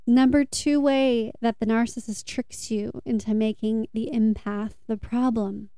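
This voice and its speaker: A woman giving a tarot reading and earnest self-help talk to viewers, soothing and deliberate. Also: fairly high pitch, fairly even intonation, mellow, smooth, no echo, clean studio sound. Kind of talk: slow reflective talk to viewers.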